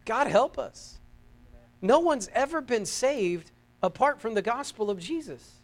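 A man from the United States preaching a sermon, fervent and emphatic, swinging between loud peaks and quiet asides and repeating his phrases. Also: extremely high pitch, animated, measured pace. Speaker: pastor.

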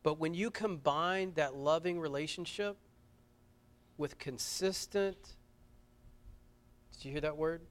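Earnest man preaching, rising to loud urgency. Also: fairly high pitch, takes it slowly, long pauses. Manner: earnest, repeats words, swings from loud urgency to hushed close. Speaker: pastor. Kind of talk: sermon. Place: church service.

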